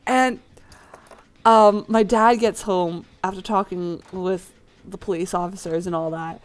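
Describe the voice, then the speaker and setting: A woman's voice: mid-range voice, steady tone, measured pace. A woman telling a childhood story in a rambling, casual way while playing a game, with many fillers. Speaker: gaming channel host.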